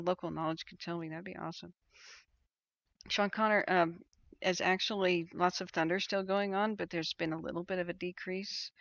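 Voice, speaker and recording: Creaky-voiced woman livestreaming wildfire maps. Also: lowish voice, fairly bright tone, no room sound. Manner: thinking aloud, hesitant, many ums and restarts. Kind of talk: casual live-stream commentary. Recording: dull lo-fi stream audio.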